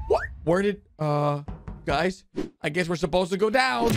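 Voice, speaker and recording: A man giving excited reaction commentary over animations, exclaiming and calling out to viewers. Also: sits high, normal speed. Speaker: YouTube commentator. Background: background music.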